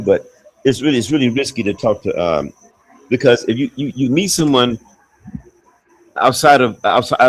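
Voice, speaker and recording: Casting: blunt, foul-mouthed man, casual chat, lively pitch swings, lots of restarts. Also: rough recording. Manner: blunt, profane, rambling with many restarts. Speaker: expat talking on a livestream call. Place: abroad, with faint outdoor sounds behind.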